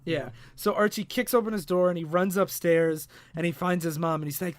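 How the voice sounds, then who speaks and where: A man's voice: high-pitched, brisk, no room sound. A man co-hosting a casual podcast, animatedly retelling a comic story and swearing freely. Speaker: podcast co-host. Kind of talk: casual chat recapping a comic.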